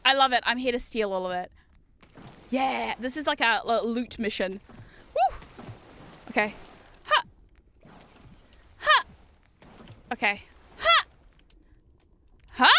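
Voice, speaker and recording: A woman with a New Zealand accent giving casual gameplay commentary as a streamer. She talks loudly and excitably and swears a lot. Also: a little high, slow, pauses often, a little hiss or hum. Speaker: VTuber streamer.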